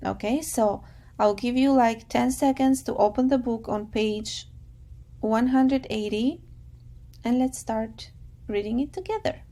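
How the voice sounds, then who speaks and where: A woman teacher who calmly and patiently guides her class, summarizing a chapter and reading a novel aloud. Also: a little high, measured pace. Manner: calm, patient, guiding students.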